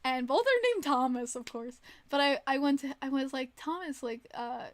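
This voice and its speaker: A woman's voice: sits high, normal speed. A young woman casually telling rambling stories on a livestream, giggling often between her words. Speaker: streamer.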